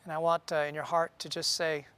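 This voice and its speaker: A man preaching a sermon in an earnest, conversational way, often pausing with "uh". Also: fairly high pitch, little pitch movement, bright, forceful tone, clear, resonant tone. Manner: earnest, conversational, with frequent "uh" pauses. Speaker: pastor.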